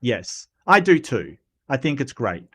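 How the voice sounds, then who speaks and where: A man's voice: medium pitch, sing-song, measured pace, fairly bright tone, slightly rough. An Australian man from Western Australia hosting a casual livestream, rambling through opinions with many ums and restarts while he answers chat comments. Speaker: livestream host.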